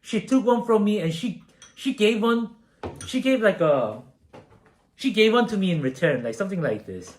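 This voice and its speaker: A man's voice: high-pitched, sing-song, moderate pace. A young man from South Korea casually telling a story while baking, rambling and self-deprecating, with many fillers. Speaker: streamer.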